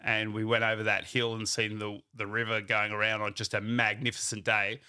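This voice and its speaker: A man, a company founder telling his story in a casual, animated way and acting out what people said to him. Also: fairly low pitch, brisk, smooth.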